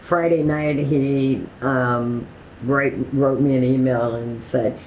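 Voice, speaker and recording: A woman casually telling a personal story, quoting others with animated voices and laughing often, with many "like" fillers. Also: rumbling low, takes it slowly, reverberant, muffled recording, slight background noise. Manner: animated retelling with quoted dialogue and laughter; frequent "like" fillers.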